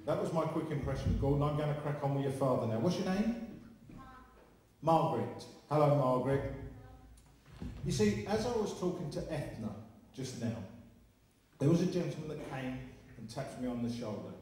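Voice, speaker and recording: A man's voice: medium pitch, lively intonation, normal speed, darkish tone, a little hiss or hum. A man working as a spiritualist medium, chatty and joking with the audience during a live demonstration in a large hall. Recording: echoey hall from far off.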